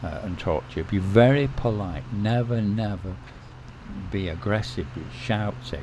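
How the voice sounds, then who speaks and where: A man with a lowish voice talks casually to the camera as a vlog host, handing out advice. He is relaxed and repeats points, and he keeps tagging his sentences with a quick "okay?". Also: dull audio, a little hiss or hum.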